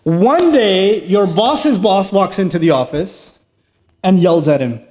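A middle-aged man giving a lively, humorous lecture to a live audience in a large mosque hall, telling stories with jokes and laughs. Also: high-pitched, takes it slowly. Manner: animated storytelling with humor and laughs. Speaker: speaker giving an Islamic talk.

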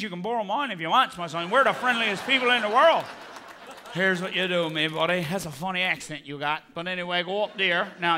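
A man's voice: sits high, sharp tone. A man voicing a chatty, crude Newfoundland local who gives long rambling directions, with a Newfoundland accent. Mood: friendly.

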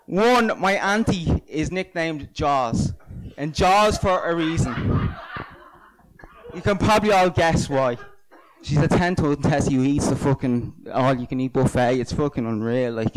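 A man's voice: fairly high pitch, measured pace, rough recording. A young Irish man doing a stand-up comedy set, crude and self-mocking, stumbling through asides on stage. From Ireland.

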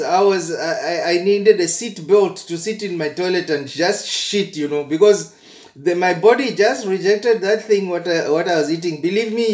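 A man tells a travel story in a casual, animated vlog. He often stammers and repeats words as he talks. His voice sits fairly high, and the room around him is echoey. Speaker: travel vlogger.

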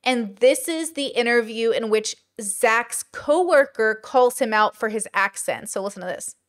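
A woman's voice: a little high, animated, unhurried, fairly bright tone. A woman hosting casual commentary, talking in a chatty way with many fillers and rhetorical questions. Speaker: commentary host.

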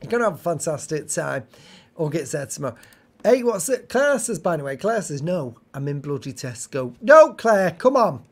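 Chatty woman, lively pitch. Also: normal speed. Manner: chatty, teasing, exclaims often. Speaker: livestream co-host. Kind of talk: casual live-stream chat.

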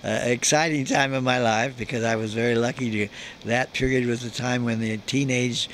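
A man's voice: mid-range voice, fairly even intonation, moderate pace, a bit bright, a little hiss or hum. An older man, a guest actor, telling chuckling anecdotes in an interview at a convention. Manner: chuckling storyteller. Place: convention floor.

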